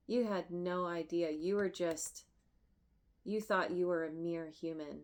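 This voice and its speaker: Slow, emotional woman tarot reader. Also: fairly low pitch, darkish tone. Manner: emotional, effusive, halting with restarts and laughs. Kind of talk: tarot reading to camera.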